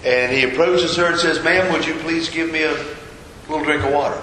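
A man's voice: on the high side, steady tone, brisk, pushed and bright, echoey room, big-room sound, slight background noise, poor audio. A man preaching a sermon, retelling a scripture story and repeating rhetorical questions. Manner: storytelling, voices the figures' quoted lines, rhetorical questions.

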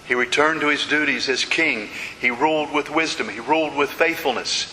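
This preacher speaks at normal speed in a slightly high, bright, forceful voice, dramatically retelling stories and returning again and again to repeated refrains. His sermon is captured with long hall reverb and a faint hiss.

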